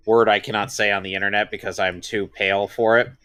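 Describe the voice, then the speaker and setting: A man's voice: on the low side, little pitch movement, fast, pushed and bright. A man co-hosting a casual watch-along chat, giving long-winded, opinionated breakdowns. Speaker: co-host.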